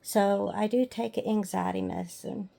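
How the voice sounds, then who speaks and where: A woman, talking slowly and hesitantly in a personal vlog, pausing often with "um". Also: medium pitch, steady tone, creaky, over music. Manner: slow, hesitant, many "um"s and pauses. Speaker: hobby farm vlogger.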